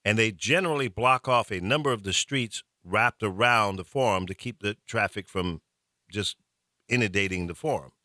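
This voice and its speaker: A man's voice: fairly low pitch, moderate pace, sharp tone, dry recording, clean studio sound. A man hosting a radio talk show, telling a story in casual chat and chuckling as he goes.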